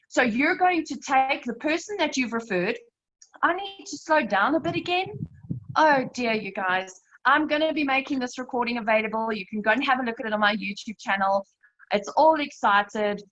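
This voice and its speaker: A woman leading a live slide presentation, explaining step by step in a brisk, emphatic way and often calling her listeners "you guys". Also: sits high, fairly bright tone, lo-fi sound. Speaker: network marketing team leader presenting a webinar.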